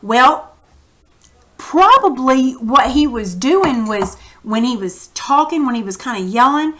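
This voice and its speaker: Speaking slowly in a high-pitched voice, a woman teaches children a reading lesson over a computer mic that picks up a little hiss or hum. She's lively and acts out the quotes.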